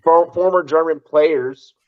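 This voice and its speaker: A man's voice: fairly high pitch, fairly even intonation, slow pace. A man hosting a casual sports talk show, blunt and swearing often. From United States. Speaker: podcast host. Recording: dull lo-fi mic.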